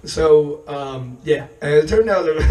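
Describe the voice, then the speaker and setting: A hoarse man losing his voice, telling a rambling, profane stand-up story on a comedy stage and chuckling as he goes. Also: fairly high pitch, slow pace, a little mellow, distant mic, poor audio.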